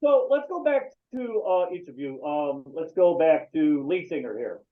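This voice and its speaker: A man's voice: on the high side, expressive, measured pace. A man hosting a casual interview, asking loose, rambling questions with a laugh. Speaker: podcast host. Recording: tinny phone-like line.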